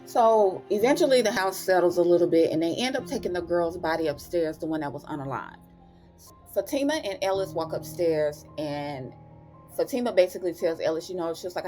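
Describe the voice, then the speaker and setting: A young woman giving a chatty, expressive episode recap, with slang asides as she retells the plot. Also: on the low side, normal speed, soft background music. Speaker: TV recap host.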